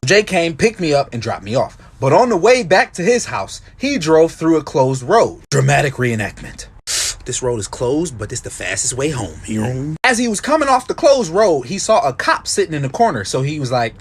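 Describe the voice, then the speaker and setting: A young man narrating comedic storytime tales in an animated, jokey way. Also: brisk, breathy edge. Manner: animated, jokey, swings pitch wildly.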